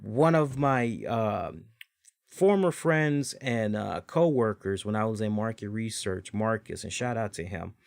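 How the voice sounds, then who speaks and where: A man's voice: on the low side, lively intonation, unhurried, creaky, no echo, clean studio sound. Rambling man hosting a casual review. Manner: rambling, talks straight to viewers. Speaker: show host. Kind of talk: casual solo review chat.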